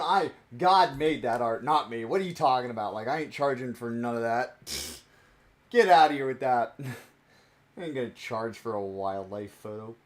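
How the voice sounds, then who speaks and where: A young man chatting casually on a stream while opening trading cards, rambling and playful and laughing often. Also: mid-range voice.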